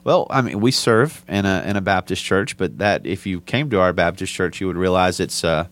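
A man with a deep voice co-hosts a casual podcast. He explains things briskly and steadily, with a dry, teasing humor. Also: a bit bright. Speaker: podcast co-host.

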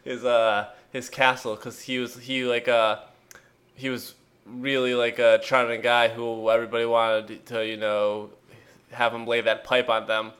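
A man's voice: mid-range voice, little pitch movement, unhurried, a bit bright. Podcast co-host, male, casual rambling delivery with jokes and fillers, remote call mic. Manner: rambling, jokey, trails off with fillers. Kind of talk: casual chat.

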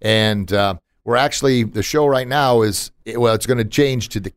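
A man's voice: mid-range voice, moderate pace, clear, resonant tone, no room sound, clean studio sound. A man hosting a podcast in casual chat, emphatic and motivational, with punchy asides. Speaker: podcast host.

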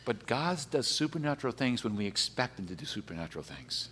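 A man pastor preaching a sermon, animated, swinging between emphatic high peaks and quiet, low asides. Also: fairly quick, a little hiss or hum. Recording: long hall reverb.

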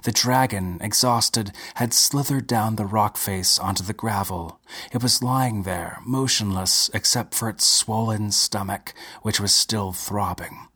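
A man reading a short story aloud in a measured, unhurried way. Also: fairly low pitch, bright, forceful tone, breathy edge. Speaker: narrator.

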